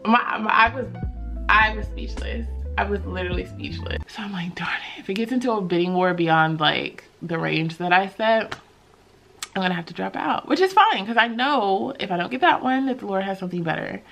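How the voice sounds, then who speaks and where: A woman vlogging casually, telling a personal story in a chatty, expressive, faith-filled way. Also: medium pitch, moderate pace, creaky, soft background music.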